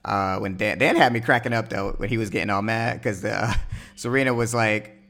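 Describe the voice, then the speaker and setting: Gravelly, bright-voiced man chatting. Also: lowish voice, a little fast. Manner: laid-back, laughs often, frequent "yeah" backchannels. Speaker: podcast co-host. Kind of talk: casual chat.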